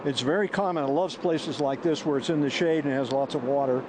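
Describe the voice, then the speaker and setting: Male plant expert, informative and measured, outdoor recording with noise. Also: on the high side. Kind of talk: explaining on location. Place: outdoors by a mountain stream.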